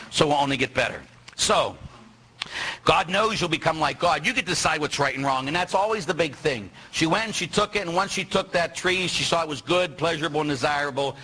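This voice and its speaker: A middle-aged male priest giving a lively sermon, teasing and quizzing his congregation. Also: medium pitch, husky, low-quality recording. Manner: animated, teasing, asks the audience questions.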